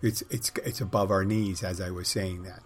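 Middle-aged man, very deep and husky, wry, rambling podcast host with crude humor. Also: fairly even intonation, normal speed, soft background music. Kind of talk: rambling casual monologue.

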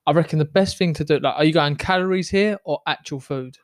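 Laid-back man, fairly high voice, dry close sound. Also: brisk, no echo. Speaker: podcast co-host. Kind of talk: casual chat.

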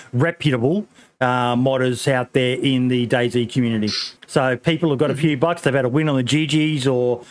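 Swearing Australian podcast host. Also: male voice, medium pitch. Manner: swears freely, lots of ums and laughs. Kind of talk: casual podcast chat.

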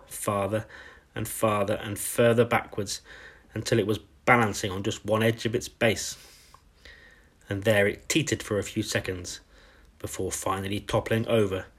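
A man reading a bedtime story aloud, slow and tender. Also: lowish voice, a bit bright, breathy edge.

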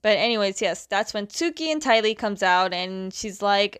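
A woman's voice: mid-range voice, lively intonation, normal speed, a bit bright, smooth, no room sound, clean studio sound. A woman casually retelling a plot, chatty, often laughing and acting out the quotes. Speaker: episode recapper.

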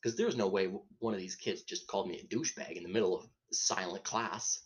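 Rambling, profane podcast host telling a story. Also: male voice, low-pitched, fast. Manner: rambling, profane, self-interrupting, laughs at own story. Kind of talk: casual comedic storytelling.

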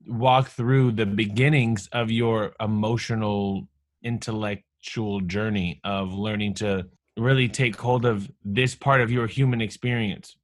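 A man's voice: on the low side, steady tone, unhurried, no room sound, studio quality. A man in his thirties, a married father, talking casually and reflectively on a podcast, in long earnest phrases. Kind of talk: casual chat.

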